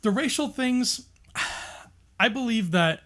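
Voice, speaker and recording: A man's voice: very high-pitched, lively intonation, takes it slowly, a bit bright. A man co-hosting a podcast, chatting casually and passionately, often laughing and restarting his sentences. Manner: passionate, emphatic. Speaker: podcast co-host.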